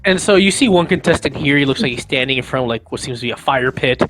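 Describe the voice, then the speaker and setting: A man's voice: mid-range voice, expressive, fast talker, over music, poor audio. A man running a tabletop game as game master, describing the scene casually with many fillers.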